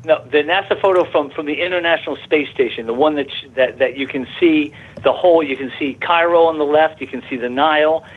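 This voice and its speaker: A man's voice: fairly high pitch, brisk, few pauses. A man telling a long personal story as a guest on a radio talk show. He rambles, stumbles and repeats himself, and gets worked up as he goes. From Arizona, USA. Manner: rambling, repeats words and restarts, grows excited. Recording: tinny phone line.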